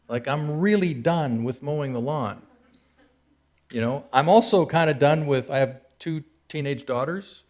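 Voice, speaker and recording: A middle-aged man delivering a sermon to his church like a friendly conversation. His voice sits a little on the high side, and he retells the story with plenty of animation, jumping into loud, excited voices for its characters. Between those bursts he drops back into an easy, casual tone. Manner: conversational storyteller who acts out characters with big swings into excited shouts. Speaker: speaker at a church service. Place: church hall.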